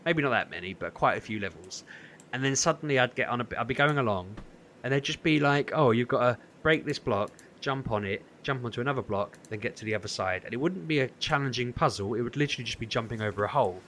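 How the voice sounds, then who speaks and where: A man's voice: medium pitch, fast, slight background noise. A man, co-hosting a podcast and telling a long story with lots of acted-out quotes. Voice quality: animated, acts out quoted voices. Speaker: podcast co-host. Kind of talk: casual storytelling.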